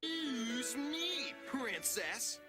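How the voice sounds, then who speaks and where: A smug young cartoon hero. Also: male voice, extremely high pitch, very animated, bright, forceful tone, slightly rough, heavily acted. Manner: smug, drawn-out catchphrase delivery. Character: cocky teenage boy cartoon hero. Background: cartoon background music.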